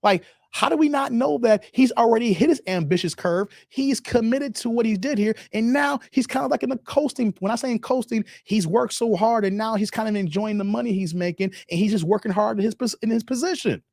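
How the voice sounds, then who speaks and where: A man's voice: high-pitched, fairly quick, creaky, few pauses, darkish tone, dry recording, clean studio sound. A man hosting a casual live stream, reading out chat messages and talking straight to his viewers in slang, with "man" and "guys" in nearly every sentence. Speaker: live-stream host reacting to videos and chat.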